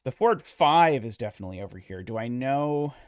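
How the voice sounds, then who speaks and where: A man streaming a puzzle solve, thinking aloud in a hesitant, muttering way with many filler pauses. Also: mid-range voice, animated, smooth, no room sound, clean studio sound.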